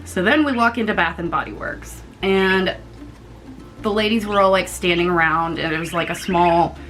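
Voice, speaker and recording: A young woman from the United States, casually telling a storytime vlog in an animated, chatty way and swearing freely. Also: fairly low pitch, normal speed, soft background music. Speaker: vlogger.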